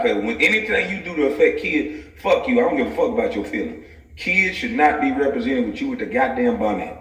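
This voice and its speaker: A man's voice: mid-range voice, a bit bright, distant mic. A man vlogging straight to camera in a profane comic rant, laughing often as he talks. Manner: laughs often mid-sentence, loose and profane. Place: home office. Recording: echoey room, voice set back from the mic.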